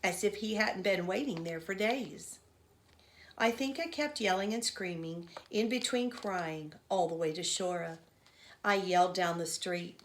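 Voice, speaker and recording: A woman's voice: on the low side, a little slow, a little hiss or hum, lightly acted. A woman voicing an old village man who tells a grief-filled childhood story in a children's novel read aloud. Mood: intent. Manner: earnest storytelling, rising to loud cries.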